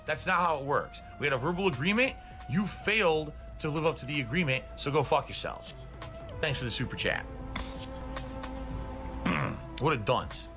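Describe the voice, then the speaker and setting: Brief: middle-aged streamer, a man, swearing and indignant, breathless, fairly high voice, music in the background. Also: lively intonation, brisk, bright, forceful tone. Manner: profane, combative, indignant. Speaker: live streamer. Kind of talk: ranting livestream talk.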